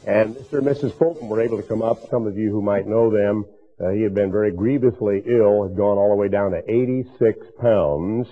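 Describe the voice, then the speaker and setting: A man with a hoarse, raspy voice from a bronchial illness, preaching earnestly in a recorded sermon for a tape program. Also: fairly low pitch, brisk. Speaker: minister. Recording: tinny phone-like tape recording.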